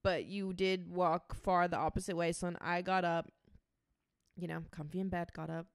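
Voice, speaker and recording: A young woman in her twenties co-hosting a podcast, chatting in a relaxed way with lots of "like"s. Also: fairly low pitch, moderate pace, clear, resonant tone, dry recording, studio quality. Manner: relaxed, filler-heavy speech with many "like"s. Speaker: podcast co-host. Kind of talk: casual chat.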